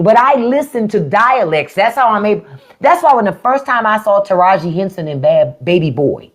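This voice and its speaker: Blunt, animated woman with a DC-area accent. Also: mid-range voice, a little fast. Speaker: podcast host. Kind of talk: casual live-stream chat. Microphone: phone or desk mic on a live stream.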